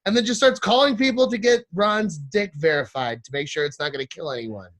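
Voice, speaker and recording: A man in a slightly raised voice tells a crude comic story, jumping into other people's lines as he goes. His delivery is animated and full of swearing. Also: sits high, fairly quick. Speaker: podcast guest.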